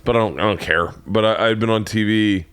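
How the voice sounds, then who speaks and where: A man's voice: fairly low pitch, brisk, a bit bright, smooth, no room sound. A man hosting a podcast in casual chat, rambling through a story and acting out both sides of the conversations he quotes. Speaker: podcast host.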